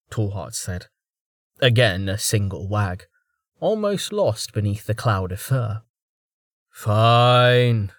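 A man narrating a fantasy audiobook in a calm, measured storytelling voice. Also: medium pitch, no echo, studio quality. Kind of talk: scripted narration.

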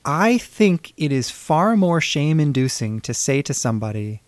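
A man's voice: fairly high pitch, sing-song, unhurried, hardly any pauses, no room sound. Firm, emphatic man on a dry mic. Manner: firm, emphatic, precise phrasing. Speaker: podcast co-host. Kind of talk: reflective conversational discussion.

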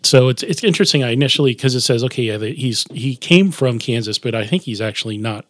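A man's voice: medium pitch, quick pace, fairly bright tone, no room sound. Chatty male podcast host, dry sound. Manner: explains at length with restarts. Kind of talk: casual podcast chat.

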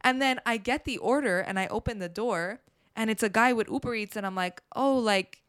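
Animated young woman storyteller, dry sound. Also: a little high, brisk, no echo. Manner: animated storytelling, swears freely. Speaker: podcast co-host. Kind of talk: casual chat.

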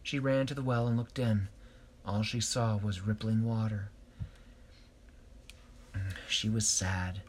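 A man telling an improvised story, hesitant, pausing and correcting himself. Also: fairly low pitch, steady tone, a little hiss or hum.

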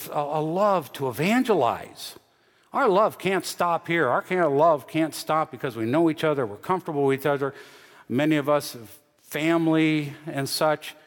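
A man preaching a sermon as pastor, teaching earnestly and often repeating or restarting phrases. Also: on the high side. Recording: long hall reverb.

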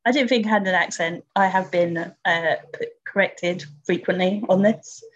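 A woman with a Luton English accent asks questions in a relaxed, easygoing tone. Her voice sits fairly low and has a husky edge. The sound is slightly muffled. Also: normal speed. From Luton, England. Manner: relaxed, laughs easily. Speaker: interviewer. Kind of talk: casual interview chat.

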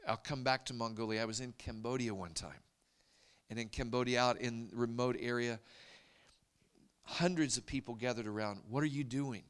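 A man preaching a storytelling sermon, animated and dropping to hushed whispers for emphasis. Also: medium pitch, moderate pace, pauses often, smooth.

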